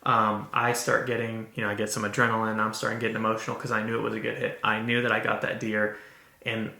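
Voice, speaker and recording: Man, podcast host, gravelly, bright tone, flat delivery, earnest storytelling, echoey room. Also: fairly low pitch. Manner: earnest, halting, with restarts. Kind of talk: casual storytelling.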